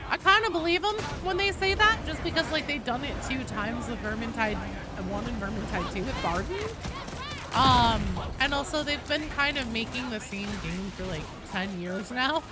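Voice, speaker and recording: Lively high-voiced woman streamer. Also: moderate pace. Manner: chatty, swears freely, greets and thanks chat viewers. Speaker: game streamer. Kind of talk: casual live-stream chat while gaming. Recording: game music playing behind the voice.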